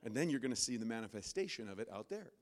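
A man preaching a sermon from a church stage, animated and acting out inner voices with sudden loud, high bursts. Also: racing. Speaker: pastor.

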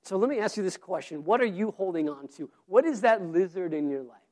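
A man's voice: sits high, expressive, fairly quick, darkish tone. A man preaching a sermon, earnest and story-driven, often repeating his words as he goes. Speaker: pastor.

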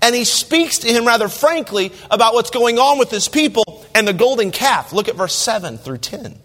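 A man's voice: very high-pitched, expressive, moderate pace, hardly any pauses, a bit bright. A man preaching a sermon as pastor, reading scripture aloud and talking conversationally, asking the listeners direct questions. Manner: reads scripture aloud in King James wording. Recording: long reverb of a large hall.

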